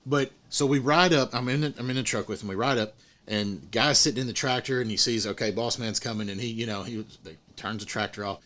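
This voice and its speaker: Animated storytelling dad. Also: male voice, medium pitch, brisk. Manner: animated storyteller, acts out quotes. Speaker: podcast host. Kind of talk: casual storytelling chat.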